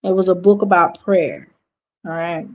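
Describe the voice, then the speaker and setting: A woman's voice: fairly low pitch, steady tone, normal speed, highs cut off. A woman with a Southern accent chatting casually with viewers on her livestream, answering their comments and repeating herself. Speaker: livestream host.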